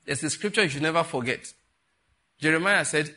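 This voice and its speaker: A middle-aged Nigerian man preaching a sermon, telling stories with animated, laughing retellings. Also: fairly high pitch, fairly quick, long pauses, husky. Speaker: pastor. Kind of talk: sermon with storytelling.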